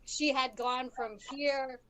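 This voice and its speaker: A woman's voice: sits high, steady tone, slow pace, noisy background. A woman chatting casually with friends, retelling stories animatedly and swearing freely. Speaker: group member. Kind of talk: casual chat, storytelling.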